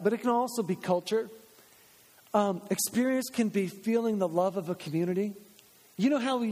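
A man's voice: high voice, darkish tone. Guy pastor giving a sermon, chatty, does little voices for quotes, big echoey church. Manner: conversational, acts out quoted voices. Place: church sanctuary. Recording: long church reverb.

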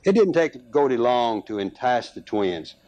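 A man reading a rural tale aloud as narrator, unhurried, with small restarts and fillers. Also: medium pitch, sing-song, a little mellow, highs cut off.

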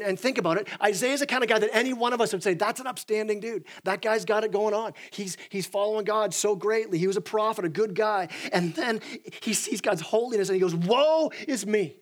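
A young man, a pastor, preaching a sermon in an animated way, with frequent restarts and acted-out quotes. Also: sits high, a little fast, few pauses.

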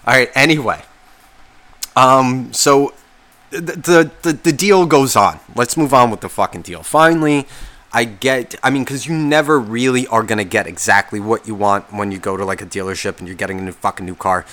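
Male podcast host, mid-pitched voice, sarcastic and exasperated rant, heavy swearing. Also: normal speed, fairly bright tone. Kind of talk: casual storytelling rant.

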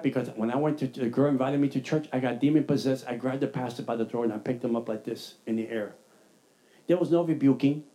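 A man preaching a testimony sermon, telling his story in an animated way and acting out his own dialogue. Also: mid-range voice. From New York.

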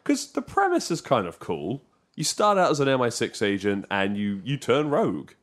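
A man doing a casual podcast co-host who talks about old games with a lively, swooping voice. He jokes often and jumps into quick bursts of excitement. The talk is loose and conversational. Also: medium pitch.

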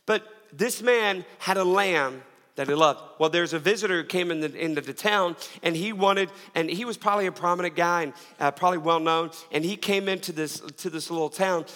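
A man's voice: high voice, a little fast, a bit bright. A middle-aged man preaching a sermon as pastor, telling a story with frequent restarts and repeated words. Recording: long reverb of a large hall.

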